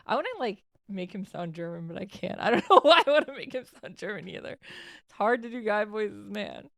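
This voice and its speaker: A woman's voice: medium pitch, expressive, brisk, creaky, no room sound. A woman streamer giving casual, giggly commentary while playing a game, game music behind her. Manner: chatty, giggly, reading game dialogue aloud. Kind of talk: casual let's-play commentary.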